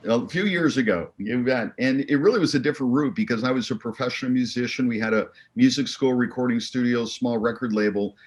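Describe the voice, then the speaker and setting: Easygoing mid-pitched male interview guest. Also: fairly quick, hardly any pauses. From Arizona. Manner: easygoing, upbeat, confident. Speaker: podcast guest, real estate investor. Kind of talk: relaxed interview talk.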